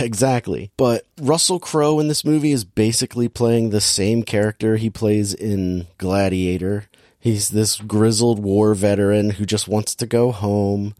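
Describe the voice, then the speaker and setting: Low-voiced man ranting about a movie. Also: fairly even intonation, a little slow, a little mellow, no echo, clean studio sound. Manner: sardonic, rambling, exasperated. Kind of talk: casual movie-review chat.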